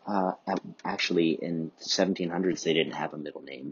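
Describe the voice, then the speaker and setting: A man's voice: low-pitched, moderate pace, a little mellow, breathy edge, dry recording, muffled recording. A man hosting a podcast who rambles through a profane comic monologue, jumping from one tangent to the next. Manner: profane, riffing, jumps between tangents. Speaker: podcast host.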